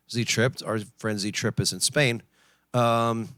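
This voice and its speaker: A man in his forties, a livestream host and pianist, chats casually with viewers, reading their messages aloud and cracking puns. His medium-pitched voice is sing-song and a bit bright at a moderate pace. The studio sound is clean with no echo and faint music behind.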